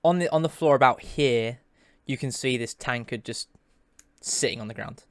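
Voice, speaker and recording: A man's voice: medium pitch, normal speed, clean tone, dry recording. A man narrating a tabletop game as game master, rambling and often restarting his sentences.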